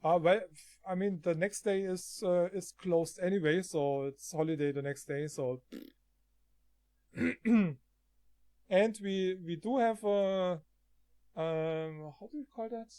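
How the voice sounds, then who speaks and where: A man streaming from home, chatting casually, often halting and laughing. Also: sits high, a little mellow, clean tone, no room sound, clean studio sound.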